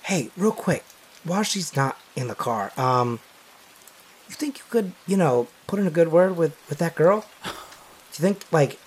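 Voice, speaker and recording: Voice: mid-range voice, lively intonation, a little slow, breathy edge. A game master doing a fumbling young New York driver. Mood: awkward. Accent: New York, put on. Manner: fumbling, rambling, hesitant. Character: awkward, good-hearted young male rideshare driver. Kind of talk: tabletop role-play voice.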